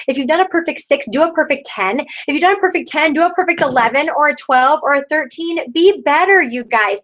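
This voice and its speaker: A woman's voice: sits high, a bit bright. A woman in her thirties leading her sales team over a video call, rousing them with repeated rhetorical questions. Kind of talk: motivational pep talk. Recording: dull lo-fi online video call.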